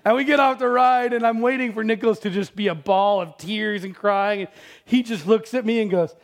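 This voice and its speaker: A middle-aged man preaching a sermon, telling a personal story with dramatic swings from loud exclamations to hushed, near-whispered lines. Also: sits high, a little fast. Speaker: pastor.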